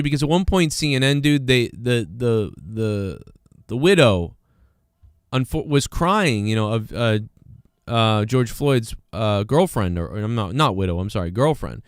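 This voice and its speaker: A man's voice: medium pitch, clear, resonant tone, no echo, clean studio sound. A man hosting a livestream, rambling in casual commentary with many fillers and restarts, sometimes sarcastic as he reads the chat. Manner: sarcastic, mocking. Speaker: livestream host reading chat.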